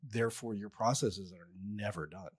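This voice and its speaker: A man's voice: lowish voice, husky, no room sound. Casual man hosting, dry close sound. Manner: relaxed, rambling, quick to joke. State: fighting a cold. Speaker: podcast host. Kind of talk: casual interview chat.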